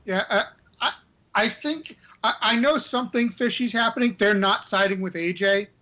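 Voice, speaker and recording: Male podcast co-host, high and bright voice, hesitant and stammering, casual. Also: normal speed, poor audio. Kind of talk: casual chat about wrestling.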